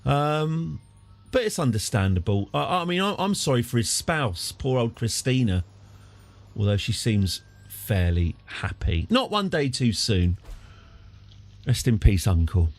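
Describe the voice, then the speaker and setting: A man's voice: medium pitch, very animated, a little slow. A man streaming a strategy game live, chatting with jokey asides.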